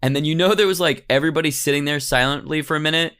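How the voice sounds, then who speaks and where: A man's voice: fairly high pitch, very fast, a bit bright, smooth. A man hosting a podcast, telling a story casually and animatedly, slipping into goofy voices for quotes.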